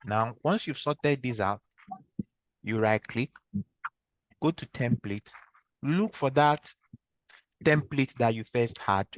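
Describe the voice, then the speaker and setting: A man's voice: medium pitch, takes it slowly, long pauses. Nigerian man teaching trading, quizzing students. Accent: Nigerian English. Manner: patient, quizzing students with repeated questions. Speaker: trading instructor. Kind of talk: online screen-share training session.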